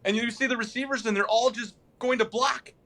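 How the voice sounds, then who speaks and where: A young man co-hosting a casual sports podcast, talking in animated, rambling runs. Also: extremely high pitch, brisk. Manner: animated, rambling, mimics players in a flat mumble. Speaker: podcast co-host.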